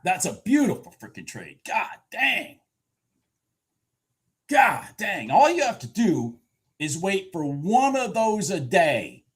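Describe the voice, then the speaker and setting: A man live-streaming his day trading, commenting excitedly on the market, swearing and repeating himself as he shifts between shouting and muttering. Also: high-pitched, slow, breathy edge. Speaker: livestream day trader.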